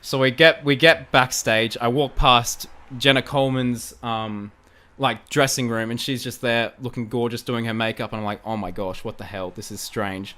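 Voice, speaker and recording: An excitable young Australian man tells a story as a podcast guest. His voice is bright and crisp, and he laughs and repeats phrases as he goes. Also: mid-range voice, moderate pace. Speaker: guest, fan video creator. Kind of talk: casual storytelling in a podcast chat.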